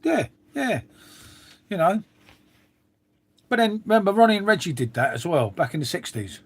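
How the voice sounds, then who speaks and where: A man's voice: high-pitched, sing-song, normal speed, breathy edge. A middle-aged man chatting casually to viewers on a live stream, swearing freely and trailing off into asides. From England. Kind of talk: rambling casual chat to viewers.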